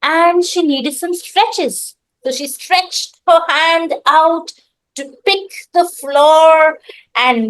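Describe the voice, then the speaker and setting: A woman narrating an improvised folk tale in a calm, expressive way. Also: a little high. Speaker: storyteller. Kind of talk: improvised storytelling.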